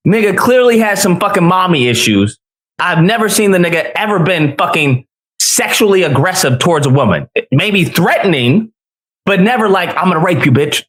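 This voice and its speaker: A man on a loud, profane rant, mocking and cursing at someone who disagrees with him. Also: a little high. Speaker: online commentator.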